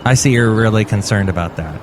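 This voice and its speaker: A man's voice: fairly low pitch, fast, background noise. Rambling, sarcastic man hosting a podcast. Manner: rambling, sarcastic, goofy asides. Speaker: podcast host. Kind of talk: rambling comedy podcast chat.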